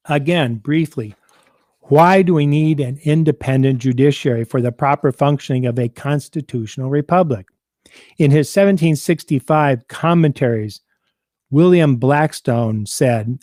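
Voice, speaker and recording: A man hosting a civics program, reading out and explaining a state constitution in a measured, deliberate way. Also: mid-range voice, warm tone, dry recording, studio quality. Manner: measured, deliberate, quotes documents aloud.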